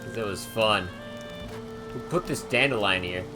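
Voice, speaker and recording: A man's voice: lowish voice, normal speed, over music. A man making dry, teasing remarks in casual gaming chat.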